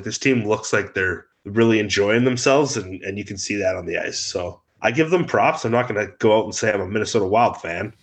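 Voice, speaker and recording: Deep-ish guy hosting a hockey-style chat show, blunt and opinionated, casual talk. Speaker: podcast host. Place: remote, out of town.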